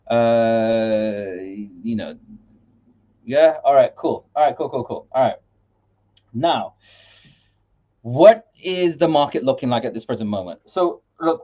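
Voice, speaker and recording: A man's voice: medium pitch, mellow, highs cut off. A man hosting a casual crypto market livestream, rambling with many fillers and restarts while sharing his screen.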